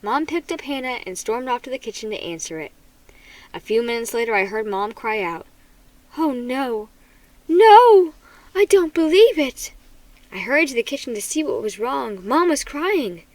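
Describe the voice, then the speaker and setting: A woman reading a children's horror book aloud in an expressive, dramatic manner. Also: a little high, fairly quick, dry recording, low-quality recording. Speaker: storybook reader.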